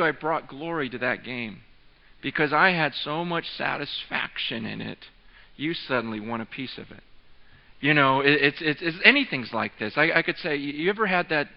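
A man in his thirties preaching a sermon, telling a story with excitement, often repeating and restarting his words. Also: a little high, normal speed. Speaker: pastor. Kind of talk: sermon with an animated storytelling aside. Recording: echoing hall, dull lo-fi sound.

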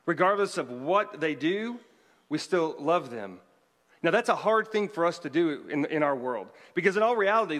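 A man's voice: a little high, a bit bright. A man, a pastor, delivering a conversational sermon with joking asides to the congregation. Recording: long hall reverb.

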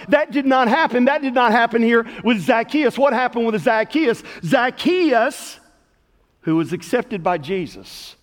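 High-voiced preaching man, echoing hall. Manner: preaching with sweeping swings between loud and hushed. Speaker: pastor. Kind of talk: sermon. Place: church sanctuary. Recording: long hall reverb.

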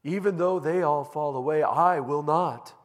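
A man voicing Peter as a bold, insistent grown disciple, reading emphatically and loudly. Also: on the high side, measured pace, pitched above the performer's own voice, lightly acted. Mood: emphatic. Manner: emphatic and loud. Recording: long reverb in a large hall.

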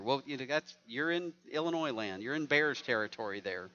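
A man's voice: medium pitch, animated, fairly quick, sharp tone, dull audio. A man preaching a sermon as pastor, conversational and joking with the congregation.

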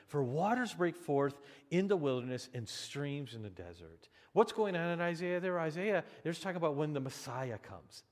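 A pastor preaching in a lively, conversational way, his voice rising and falling often. He restarts phrases as he talks to his congregation. The sound rings with long reverb from a large church hall. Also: medium pitch. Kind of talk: sermon.

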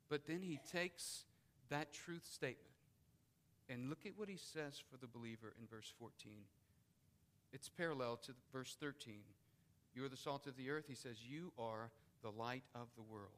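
A man's voice: mid-range voice, normal speed, fairly bright tone. A man preaching a sermon as pastor, building emphasis and repeating key phrases.

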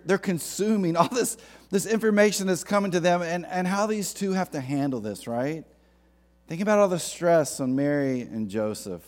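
A man's voice: medium pitch, darkish tone. Joking, conversational male pastor. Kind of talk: sermon.

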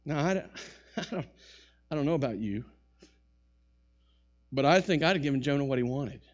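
A man preaching a sermon to a congregation in a church, talking with rising bursts and quick asides. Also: mid-range voice, animated, lo-fi sound. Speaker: pastor. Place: church sanctuary.

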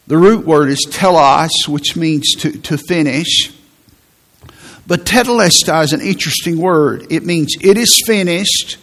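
Male pastor, sermon delivery, slightly high voice, emphatic and repetitive. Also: vocal fry, a bit bright. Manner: emphatic preaching with repeated phrases and restarts.

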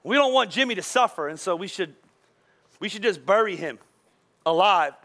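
Brief: anxious farmer, played by a man, pleading and grim, somewhat raised pitch. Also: lively intonation, normal speed, bright, forceful tone, heavily acted. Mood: worried. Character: worried male farmer, grim and resigned.

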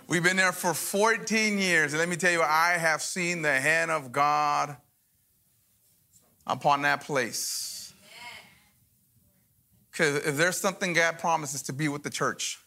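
A middle-aged man preaches a revival sermon in a church. His voice is bright and forceful and sits a little high for a man. He jokes with the crowd and calls out for answers as he preaches. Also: slow pace, long pauses. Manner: joking, call-and-response preaching. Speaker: guest pastor. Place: church service before a congregation.

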